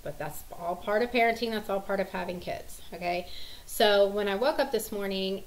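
Woman, mother, casual vlog storytelling, rambling, chatty, lots of fillers, animated. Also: mid-range voice, a little hiss or hum, poor audio. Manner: rambling, chatty, full of "you know" and "like". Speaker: mother of several children.

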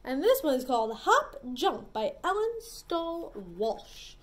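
A young adult woman librarian leading a children's story time, animated and sing-song with big pitch swings. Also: slow, a little hiss or hum.

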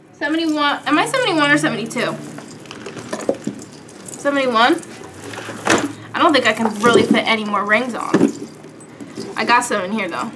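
In a very noisy recording, a young beauty vlogger with a fairly high voice chats casually at home, playful and sassy, addressing her viewers as darlings and girls.

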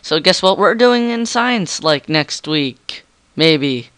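A man's voice: on the high side, animated, takes it slowly, a bit bright, clear, resonant tone, no room sound. A teenage boy doing goofy, rambling commentary over his game, with a frog in his throat. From Canada. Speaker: gamer. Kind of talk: gameplay commentary.

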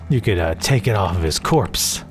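A man's voice: low voice, lively intonation, moderate pace, faint music behind. A man from the American South with a Southern accent, giving casual, profane, sarcastic commentary on a game. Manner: sarcastic, profane, rambling asides. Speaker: gameplay commentator. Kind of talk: casual let's play commentary. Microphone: desk mic at home.

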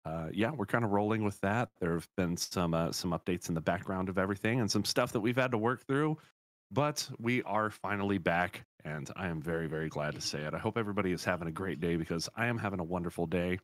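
A man narrating a tabletop game as game master, relaxed and halting, with many fillers. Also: low voice, dry recording.

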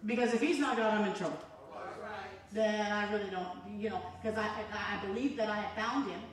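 This woman evangelist talks briskly in a mid-range voice while preaching in a church sanctuary. Fervent yet conversational, she leads the congregation in call-and-response, captured from far away in an echoey hall.

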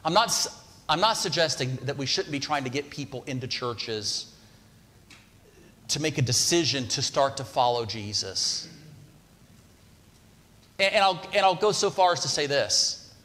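A man preaches a sermon in a church sanctuary, keeping it conversational and often turning questions to the congregation. His voice sits in a middle pitch for a man. The sound carries a long reverb from the hall. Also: lively intonation, unhurried, pauses often, bright, forceful tone. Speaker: pastor.

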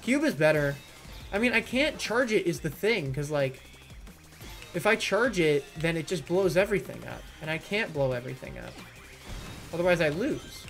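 A man's voice: on the high side, animated, normal speed, a bit bright. Sarcastic man ranting over gameplay. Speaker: gaming YouTuber. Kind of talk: let's-play commentary. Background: faint game music.

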